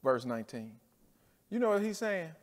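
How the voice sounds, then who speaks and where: A pastor preaching a sermon with a rhythmic cadence, dropping to near-quiet and rising to shouts. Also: male voice, a little high, very animated, normal speed, long reverb tail.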